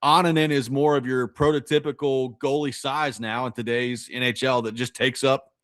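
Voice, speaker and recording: A man's voice: medium pitch, steady tone, moderate pace, a bit bright, no echo, clean studio sound. A man co-hosting a sports talk radio show, arguing his points in casual chat with plenty of restarts and "you know"s. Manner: thinking aloud, stacked restarts, argumentative.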